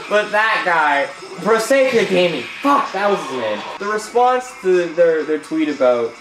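A young man giving profane, jokey commentary over a fighting game, often yelling and swearing at his opponents. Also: high-pitched, big pitch swings, a little slow. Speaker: gaming YouTuber. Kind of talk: gameplay commentary. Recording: roomy room echo, game music behind. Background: game music.

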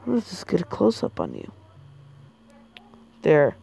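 A woman playing a scary maze game, gasping and yelling at the characters on screen. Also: fairly low pitch, huge pitch swings, slow, vocal fry, slight background noise. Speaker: gamer. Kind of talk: game commentary.

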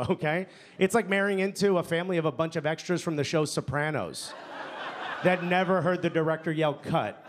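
New York comic with a deli accent. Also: male voice. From New York area. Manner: playful, drops voice low and soft for punchlines. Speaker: stand-up comedian. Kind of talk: stand-up set. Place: comedy club stage with laughing audience. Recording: live club recording with crowd noise.

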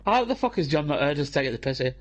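A fast-talking young British man with a slightly high voice and big swings in pitch banters with friends while streaming a game. Into his headset at home, he spins rambling yarns loaded with swearing and laughter.

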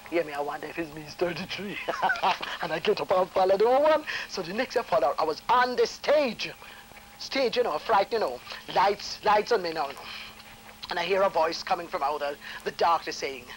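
A woman with a Jamaican accent telling a lively anecdote, laughing often and acting out the voices of the people in it. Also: lowish voice, moderate pace, a little hiss or hum, rough recording. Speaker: storyteller.

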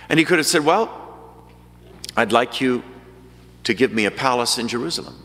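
A man's voice: medium pitch, normal speed, pushed and bright. A man preaching a storytelling homily, acting out the voices of the crowds and of Jesus. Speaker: pastor. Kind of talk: sermon. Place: large church. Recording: church hall reverb.

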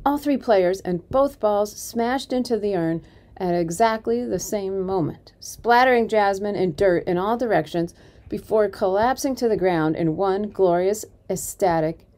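A woman reading a children's novel aloud as a community volunteer, expressive and varied, dropping softly at times. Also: medium pitch, a little slow. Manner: expressive, varied storytelling with soft dips.

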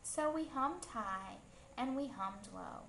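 A woman reading a picture book aloud to children in a slow, gentle storytelling manner. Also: on the high side, expressive, a little hiss or hum. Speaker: storybook reader. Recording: echoey room, faint ambience.

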